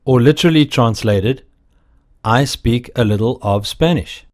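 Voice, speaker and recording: A man giving slow, deliberate, scripted narration as the narrator of a language course. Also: medium pitch, a little mellow.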